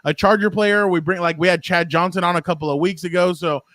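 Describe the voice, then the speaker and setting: A man with a notably high voice chats as a podcast guest, upbeat and rambling with plenty of "uh"s and restarts. His voice sounds dry and close, with no room echo. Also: steady tone, fast, fairly bright tone. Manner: enthusiastic, chatty, with many fillers and restarts. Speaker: podcast guest, sports beat writer. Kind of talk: casual chat.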